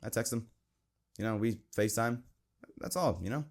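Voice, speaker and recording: A young man hosts a Christian podcast in a relaxed, conversational way. His voice sits on the low side, and he speaks earnestly, reading scripture and giving plain advice about friends who hold you accountable. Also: normal speed. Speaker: podcast host. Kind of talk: casual Christian podcast talk.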